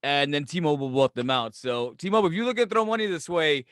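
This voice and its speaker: A man's voice: on the high side, quick pace, a bit bright, no room sound, clean studio sound. A man, co-hosting a podcast, who laughs often and riffs with exaggerated comic scenarios. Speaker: podcast co-host. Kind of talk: casual chat.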